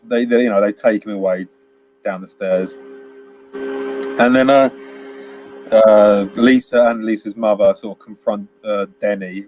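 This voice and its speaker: A man's voice: lowish voice, steady tone, unhurried, pauses often, darkish tone, highs cut off, faint music behind. A man co-hosting a casual film review chat, rambling and laughing as he acts out quotes. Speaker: podcast co-host.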